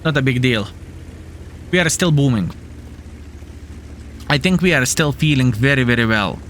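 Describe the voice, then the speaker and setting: A man's voice: medium pitch, expressive, moderate pace, long pauses, a bit bright, a little hiss or hum. A young man giving playful, jokey live commentary on his tank battle, calling his viewers fellas. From Lithuania. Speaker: gaming streamer.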